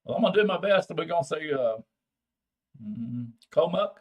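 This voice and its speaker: A man's voice: fairly high pitch, lively intonation, brisk, highs cut off. Older Texan man, folksy drawl. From Texas. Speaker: livestream host. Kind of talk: casual chat with viewers.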